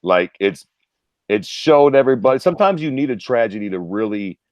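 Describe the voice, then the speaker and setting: A man's voice: fairly low pitch, animated, a little fast, dry recording, lo-fi sound. A man in his thirties from Ohio, co-hosting a podcast in casual, profane chat, telling stories and acting out quotes. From Ohio, USA. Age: 30s. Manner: profane, storytelling, acts out quotes. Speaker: podcast co-host.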